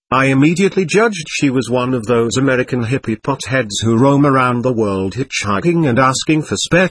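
A man's voice: medium pitch, a bit bright, breathy edge, dry recording. A man narrating a first-person story as an audiobook, with a wry storytelling delivery.

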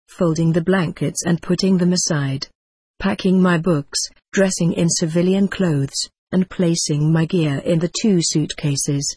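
A reader narrating a memoir-style audiobook in a measured, reflective way. The voice is husky and mid-pitched, recorded dry and close. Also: darkish tone, no echo. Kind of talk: scripted first-person narration.

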